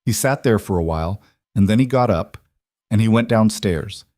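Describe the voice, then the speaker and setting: A man reading a scripted story in a measured, calm manner. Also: lowish voice, dry recording, clean studio sound. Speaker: narrator.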